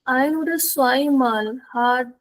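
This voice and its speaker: A woman from India, a student in a class, speaking carefully and haltingly as a learner. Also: high voice.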